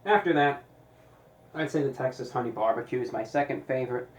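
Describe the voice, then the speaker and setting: A man reviewing pizza in a deliberate, casual way, with dry sarcastic asides. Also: medium pitch, reverberant, low-quality recording. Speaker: food reviewer.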